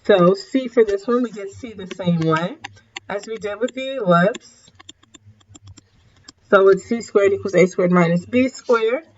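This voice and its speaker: Yawning and worn out, a woman teacher works through a math problem at the whiteboard for a recorded lesson, keeping things casual. She fixes her own mistakes and says sorry as she goes. Her pitch is middling, her pace a little slow, and the recording dull and lo-fi.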